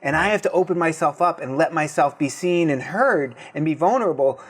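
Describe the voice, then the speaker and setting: A man's voice: fairly high pitch, lively intonation, brisk, slightly rough. A man with a Boston accent, a breathwork teacher being interviewed, talking openly and emotionally in a rambling casual way. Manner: open, emotional, rambling with restarts.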